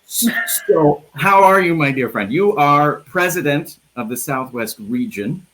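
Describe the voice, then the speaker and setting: A man's voice: fairly high pitch, expressive, a little slow, a bit bright, slight background noise, low-quality recording. A man from the Midwest hosting a casual live interview over a video call, chatty and joking, often restarting his phrases. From American Midwest. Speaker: interview host.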